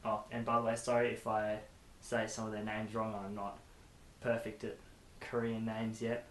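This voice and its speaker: A man's voice: lowish voice, monotone, moderate pace. A young man vlogging casually from his bedroom, chatty and rambling with self-deprecating asides. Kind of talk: casual chat to camera. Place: bedroom with posters. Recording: echoey room with faint hiss.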